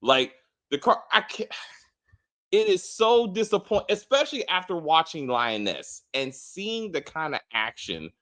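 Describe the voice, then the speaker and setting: A man's voice: a little high, very animated, a little slow, bright, forceful tone. A man co-hosting a casual TV spoiler review, ranting emphatically with plenty of profanity. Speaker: co-host of a TV review show.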